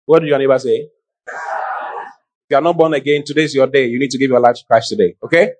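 A middle-aged man preaching a sermon, calling out to the congregation in an animated way. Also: medium pitch, fairly quick. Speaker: pastor.

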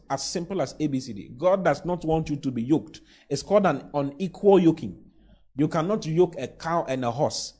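A man's voice: a little high, lively intonation, brisk, mellow, husky. A man preaching a sermon, pushing key lines with emphatic, rising exclamations and playful mock voices. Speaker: pastor.

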